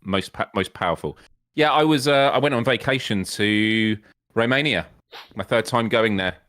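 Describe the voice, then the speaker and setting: A man's voice: on the low side, moderate pace, fairly bright tone, no room sound, clean studio sound. A man co-hosting a casual gaming podcast, bantering dryly and playfully. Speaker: co-host.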